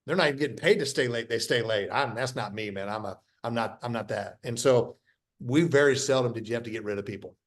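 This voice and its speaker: A man's voice: medium pitch, fast talker. Blunt middle-aged businessman guest. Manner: emphatic, blunt, repeats points and restarts often; acts out quoted dialogue in his stories. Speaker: guest, company founder. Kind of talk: casual interview talk.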